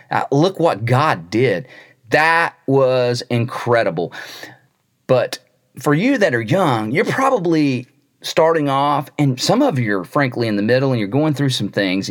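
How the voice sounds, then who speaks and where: Earnest male preacher giving a sermon. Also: mid-range voice. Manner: earnest, repeats words when starting phrases; storytelling with quoted voices.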